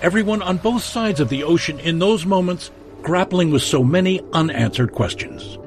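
Lively-voiced male documentary narrator. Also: high voice, music in the background. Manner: measured, dramatic storytelling.

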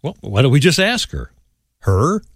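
A man's voice: mid-range voice, sing-song, normal speed, no echo, clean studio sound. Man reading a scripted radio promo. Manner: plays both sides of a scripted exchange.

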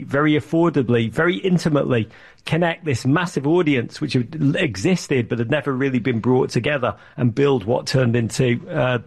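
A man talking about his media business in an interview, telling stories with lively acted-out quotes. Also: medium pitch, gravelly. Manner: animated storyteller, acts out quotes. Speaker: media network founder, guest. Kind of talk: conversational interview.

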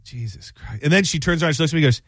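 A man's voice: on the high side, rapid-fire, dry recording. Guy in his 30s rambling thru a story, does little voices for people, dead dry mic. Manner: rambling, animated storyteller who acts out quotes. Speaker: radio show co-host. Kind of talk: casual banter storytelling.

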